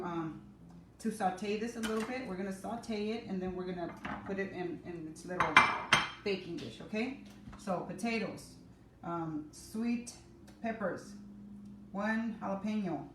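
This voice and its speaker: A middle-aged woman hosting a casual live cooking class from her home kitchen, chatting with viewers by name and teasing herself. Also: medium pitch. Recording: echoey room, mic at a distance, noisy.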